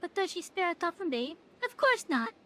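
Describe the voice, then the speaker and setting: A woman's voice: very high-pitched, big pitch swings, moderate pace, fairly bright tone, exaggerated voice. A woman voicing a vain, teasing fairy king, reading game dialogue aloud in a dramatic, sing-song way. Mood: theatrical.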